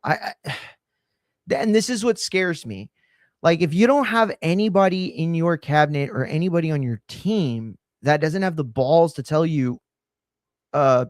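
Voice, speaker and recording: A man's voice: on the high side, expressive, unhurried, dry recording, clean studio sound. A man hosting a reaction commentary show, sarcastic and profane as he reacts to clips. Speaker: host.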